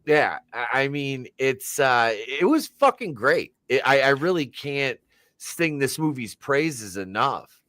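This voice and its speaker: A man chatting about a movie he loves, rambling with plenty of fillers as he searches for names. His voice sits at a middle pitch and the recording is dry and close. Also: big pitch swings, takes it slowly, pushed and bright, no room sound. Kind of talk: casual movie discussion.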